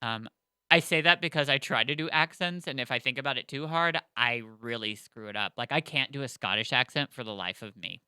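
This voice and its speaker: Excitable rambling male podcast host. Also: medium pitch, a little fast, smooth, no room sound, clean studio sound. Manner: excitable, rambling, full of fillers. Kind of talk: casual podcast chat.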